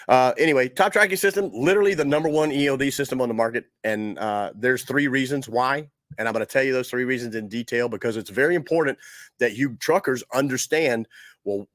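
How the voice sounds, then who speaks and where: A man hosting a trucking show in an easy, conversational way that slides into a salesman's pitch. His voice sits at a middle pitch, and he often restarts his sentences. The sound is dry and close, with no echo. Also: a bit bright. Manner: chatty and salesman-like, with frequent restarts. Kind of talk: casual commentary with a live ad read.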